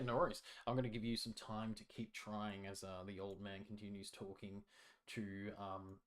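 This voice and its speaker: Hesitant man narrating a tabletop game. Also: fairly low pitch. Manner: hesitant, loose, lots of fillers. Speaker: game master.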